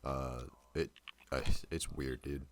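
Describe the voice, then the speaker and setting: A young man with an extremely deep voice chatting on a podcast. His talk is loose and full of fillers, recorded close and dry. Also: fairly even intonation, slow pace, dry recording. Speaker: podcast co-host. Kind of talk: casual chat.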